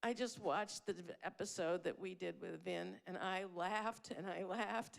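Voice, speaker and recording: Gravelly low-voiced woman giving a tribute. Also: measured pace, few pauses. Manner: candid, blunt, swears freely; heartfelt and emotional. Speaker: eulogy speaker at a memorial. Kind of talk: personal spoken tribute.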